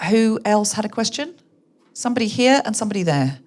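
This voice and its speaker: Animated woman hosting a live podcast. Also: fairly high pitch, fairly quick. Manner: animated storyteller, laughing through anecdotes. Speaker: podcast host. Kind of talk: live podcast chat with audience. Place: bookshop event before a live audience.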